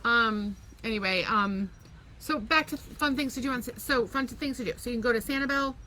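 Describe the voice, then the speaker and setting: A woman's voice: a little high, fast, sharp tone. A woman co-hosting a podcast at home, chatting casually and animatedly and swearing freely. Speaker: podcast co-host. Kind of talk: casual chat.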